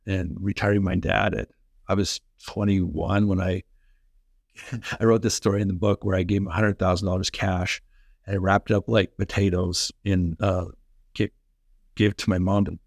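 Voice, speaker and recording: Energetic man telling stories, low voice. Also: no echo, clean studio sound. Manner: enthusiastic, animated, says "like" often. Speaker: guest, former hockey player and coach. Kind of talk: energetic storytelling in conversation.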